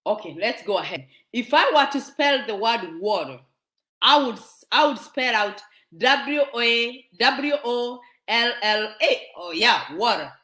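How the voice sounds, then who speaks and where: A woman's voice: on the high side, lively intonation, unhurried, sharp tone. A Kenyan woman with a Kenyan accent hosting her show, lecturing viewers in a fervent, scolding way full of rhetorical questions. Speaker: show host. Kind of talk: impassioned monologue to viewers. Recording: echoey room.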